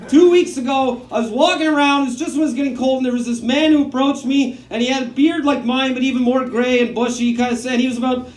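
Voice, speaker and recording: A man's voice: extremely high pitch, quick pace, few pauses, roomy sound. A man, doing a self-mocking, rambling stand-up set on a comedy club stage. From Canada. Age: 40s.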